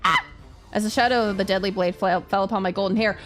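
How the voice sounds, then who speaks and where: A woman streamer reading a game aloud and breaking in with animated, cursing asides. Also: mid-range voice, quick pace, faint music behind. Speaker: VTuber streamer.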